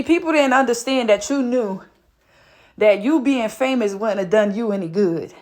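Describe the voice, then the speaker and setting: A woman's voice: fairly high pitch, expressive, normal speed, a little mellow. A woman giving a fervent spiritual reading, out of breath, swearing casually and exclaiming often. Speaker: spiritual reader.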